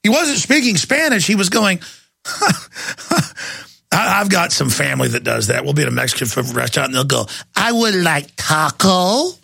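A man's voice: fairly high pitch, fast, gravelly, few pauses, sharp tone, breathy edge, no echo. A man hosting a talk radio show, ranting sarcastically and with emphasis.

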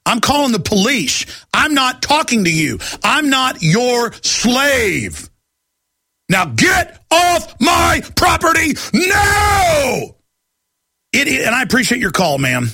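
A man's voice: a little high, vocal fry, sharp tone, breathy edge, dry recording. A middle-aged man hosting a talk radio show, ranting in a heated, agitated monologue.

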